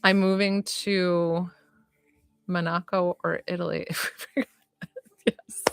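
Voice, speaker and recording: A woman's voice: medium pitch, measured pace, fairly bright tone, no room sound. A woman giving live-stream psychic readings, chatty and giggly, full of likes and ums. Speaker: psychic reader.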